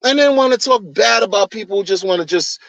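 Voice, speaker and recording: A man giving an animated, mocking rant as a crypto vlogger, exasperated with his critics. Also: sits high, quick pace, gravelly, no room sound. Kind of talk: ranting commentary. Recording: dull dry lo-fi recording.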